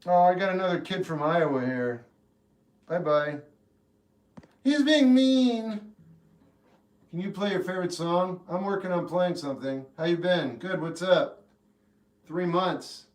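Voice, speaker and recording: A man hosting a livestream who answers chat questions in a deadpan, laconic way, with short replies. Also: on the high side. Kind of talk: casual chat. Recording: echoey room with guitar behind.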